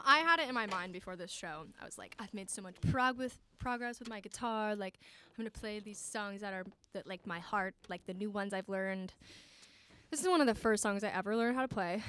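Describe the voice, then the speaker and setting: A woman's voice: medium pitch, brisk, sharp tone, clear, resonant tone. A young woman chatting casually on a live student radio show, laughing often and poking fun at herself. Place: radio studio.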